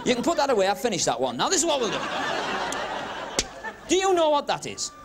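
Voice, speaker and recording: A man's voice: extremely high pitch, wildly swooping pitch. Cheeky magician teasing his volunteers. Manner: cheeky, teasing banter, quick asides. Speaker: stage magician and comic host. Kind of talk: comic magic patter with audience volunteers. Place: club stage before a live audience. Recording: 1970s TV broadcast with crowd laughter and hiss. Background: audience laughing and murmuring.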